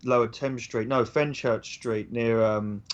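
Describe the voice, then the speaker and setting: Man, mid pitch, meandering chat, muffled lo-fi recording. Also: fairly even intonation, unhurried. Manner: rambling, searches for words. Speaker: stream co-host. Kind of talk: casual chat.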